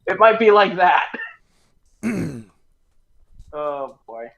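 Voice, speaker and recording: A man's voice: high-pitched, big pitch swings, drawn-out words, gravelly, a bit bright, poor audio. A man co-hosting a casual livestream chat, joking and laughing often. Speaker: co-host.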